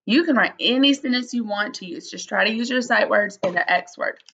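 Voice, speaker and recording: A woman teacher giving a slow, patient early-grade phonics lesson, spelling out letters and sounding out words. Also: mid-range voice, creaky, bright, forceful tone, slightly rough, muffled recording.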